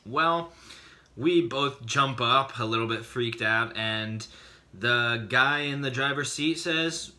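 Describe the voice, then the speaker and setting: A man vlogging to camera, telling personal stories with big dramatic reactions and acted-out quotes. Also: takes it slowly. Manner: excitable, acts out voices in his stories with big pitch jumps. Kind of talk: animated storytelling to camera.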